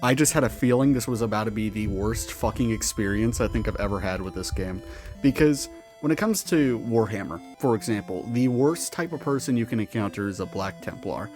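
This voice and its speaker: A man's voice: on the low side, brisk, darkish tone, soft background music. A man telling a story in character as a weary, sardonic male monster with tails, talking in a profane, rambling and exasperated way. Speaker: roleplaying storyteller.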